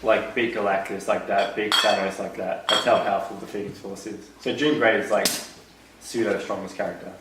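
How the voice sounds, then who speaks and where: A man's voice: on the low side, level tone, brisk, noisy background. A man with an Australian accent, co-hosting a casual podcast chat and rambling with lots of likes and restarts. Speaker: podcast co-host. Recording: roomy echo, distant mic.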